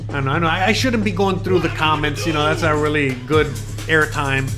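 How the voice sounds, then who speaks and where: A man's voice: a little high, fairly even intonation, brisk, over music. Rambling, swearing male chat host. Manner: rambling, peppered with "you know" and swearing. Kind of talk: casual livestream chat. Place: lives in Mexico.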